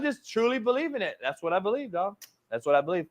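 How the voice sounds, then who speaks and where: A sports talk show host, a man, ranting loudly and with plenty of profanity as he defends his opinions. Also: sits high, big pitch swings, fast talker, noisy background. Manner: loud, profane, emphatic and combative. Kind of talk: heated sports radio rant.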